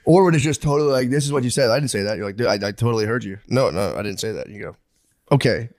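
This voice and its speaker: A man's voice: medium pitch, steady tone, racing, a little mellow, no room sound, studio quality. A man in his thirties co-hosting a podcast, rambling through stories and acting out what people said, swearing freely. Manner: rambling, acts out quoted voices, swears freely. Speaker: podcast co-host. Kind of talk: casual comedic chat.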